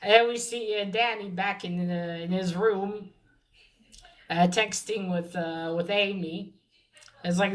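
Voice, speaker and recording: A woman's voice: medium pitch, steady tone, a little slow, poor audio. A woman giving a casual comic book review, chatty and profane, with many fillers and restarts.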